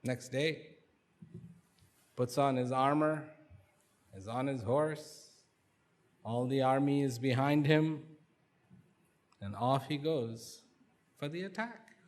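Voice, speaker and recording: A man giving a lecture at a university, telling a parable with repetition and dramatic pauses. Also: medium pitch. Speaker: guest speaker. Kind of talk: storytelling lecture. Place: university student activity center.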